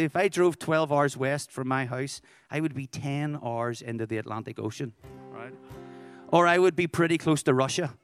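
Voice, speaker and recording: Irish man preaching informally. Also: mid-range voice. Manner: conversational, joking asides. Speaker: worship leader.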